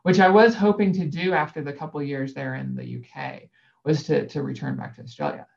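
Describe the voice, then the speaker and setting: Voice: medium pitch, steady tone, brisk, creaky. A podcast guest talking in casual, rambling chat full of fillers and restarts. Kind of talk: casual conversation. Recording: dull lo-fi sound.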